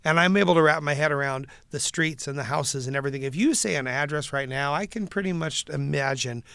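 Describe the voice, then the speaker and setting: Gravelly-voiced man in earnest chat. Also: fairly high pitch, fairly quick, sharp tone, dry recording. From not from the local city. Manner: earnest, enthusiastic, rambling with restarts. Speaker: guest, preservation nonprofit president. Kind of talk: casual interview chat.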